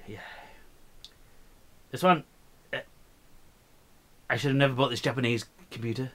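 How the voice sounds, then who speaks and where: A man's voice: mid-range voice, normal speed, long pauses, fairly bright tone. Rambling, cursing man ranting on a vlog. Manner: profane, rambling, slurring and mumbling. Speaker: vlogger. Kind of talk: drunken rambling vlog rant.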